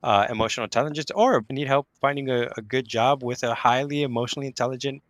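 A man's voice: medium pitch, quick pace, fairly bright tone, no echo. A man hosting a podcast, upbeat and affirming, chatting casually and telling stories. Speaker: podcast host. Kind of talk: casual conversational interview.

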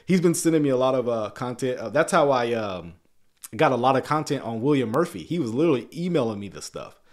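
A man's voice: mid-range voice, expressive, fast. A man in his thirties hosting a casual livestream, chatty and rambling, often restarting his words and laughing. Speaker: YouTube channel host.

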